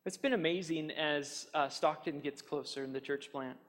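A man's voice: on the high side, normal speed. A man preaching a sermon as pastor, earnest and emphatic, often repeating his points. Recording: long hall reverb.

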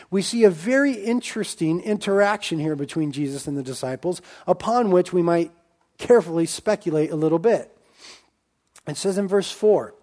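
A man delivers a sermon in a high voice. He keeps it conversational and acts out the lines of the people in the story. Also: a little mellow. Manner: conversational preaching with acted-out quotes. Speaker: preacher.

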